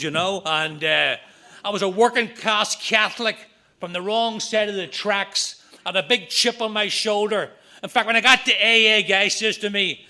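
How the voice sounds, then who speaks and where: A middle-aged man with a Northern Irish accent telling his recovery story at a meeting, with quick jokes and punchlines. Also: sits high, steady tone, bright, forceful tone. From Northern Ireland. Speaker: AA speaker.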